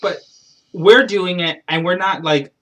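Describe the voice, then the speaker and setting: A man's voice: high-pitched, measured pace, fairly bright tone. A man chatting casually as co-host, gossipy, swearing freely and laughing often. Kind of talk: casual chat.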